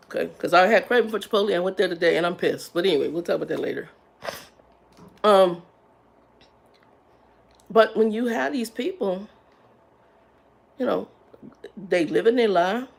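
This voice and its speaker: Chatty woman livestreaming, gravelly voice. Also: mid-range voice, lively intonation, moderate pace, long pauses, a little hiss or hum. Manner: talkative, rambling, greets viewers warmly by name; Southern-style slang, "y'all". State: congested from sinus drainage. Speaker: livestream host. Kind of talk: casual livestream chat.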